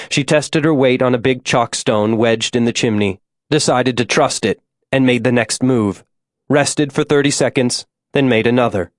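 A man reading an audiobook in a measured, scripted narration. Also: medium pitch, dry recording, clean studio sound.

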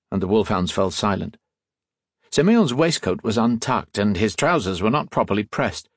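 A man narrating an audiobook in a measured, steady storytelling manner, close to the mic. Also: lowish voice, no echo. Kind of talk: scripted narration.

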